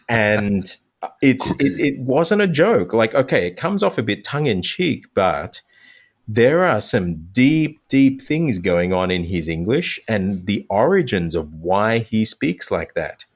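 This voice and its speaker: A male language teacher, a podcast guest, explaining ideas in an animated, easygoing way and laughing easily. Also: on the low side, slow pace. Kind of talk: conversational explanation.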